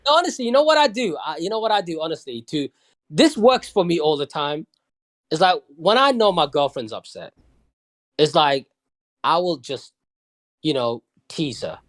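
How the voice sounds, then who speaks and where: A man's voice: a little high, very animated, moderate pace, a bit bright. A man from London, a podcast guest in casual chat, talking bluntly with plenty of swearing and often asking if you understand.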